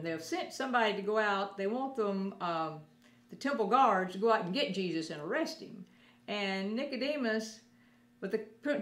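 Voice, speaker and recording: A woman teaching a children's Sunday school lesson, gently explaining things step by step as she talks to children. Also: mid-range voice, reverberant.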